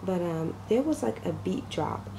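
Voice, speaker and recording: A woman's voice: fairly low pitch, expressive, a little slow, creaky, noisy background. A young woman telling a story in a casual vlog, rambling with lots of fillers and the odd curse. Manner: rambling, filler-heavy retelling with lots of "like" and swearing. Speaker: vlogger. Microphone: camera mic.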